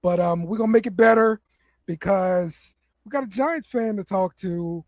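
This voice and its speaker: A man's voice: high-pitched, normal speed, darkish tone, dry recording, clean studio sound. A man hosting a casual sports chat show, laid back, often repeating words and laughing. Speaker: podcast host.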